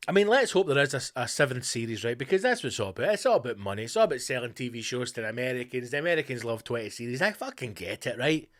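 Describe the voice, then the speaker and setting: A man's voice: mid-range voice, big pitch swings, fast talker, hardly any pauses, a bit bright. A Scottish man hosting a podcast, delivering a sweary, sarcastic comedic rant. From Scotland. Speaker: podcast host.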